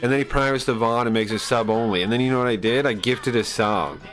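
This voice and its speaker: A man's voice: medium pitch, fast, fairly bright tone, soft background music, rough recording. A man on a live stream ranting casually. He swears a lot, sounds aggrieved and rambles with restarts.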